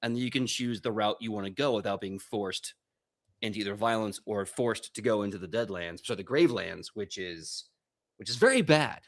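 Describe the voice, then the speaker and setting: A man narrating as game master of a tabletop game, relaxed and joking. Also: fairly low pitch, moderate pace.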